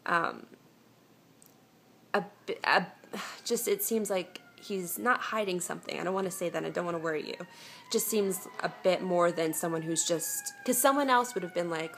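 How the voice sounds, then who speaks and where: Creaky-voiced young woman giving advice. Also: fairly low pitch, normal speed, a bit bright, a little hiss or hum. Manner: chatty and reassuring, with many "um"s and restarts. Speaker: vlogger answering viewer questions. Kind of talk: casual advice chat. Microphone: phone camera.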